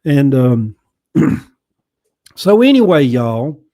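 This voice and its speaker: An older man with a Southern US accent hosting a casual livestream, rambling folksy talk and often clearing his throat as he reads viewer comments. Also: medium pitch, very animated, very slow, mellow. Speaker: livestream host.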